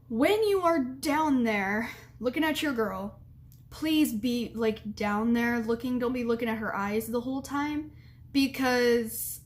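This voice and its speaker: A young woman with a high voice tells a candid story straight to camera and gives advice along the way. She is frank and blunt, giggles often and fills her talk with "like". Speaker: vlogger.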